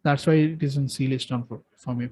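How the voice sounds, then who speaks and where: A man in casual chat, giving excited, rambling opinions with frequent restarts as he ranks films. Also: mid-range voice, fairly quick, rough recording. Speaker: co-host ranking films.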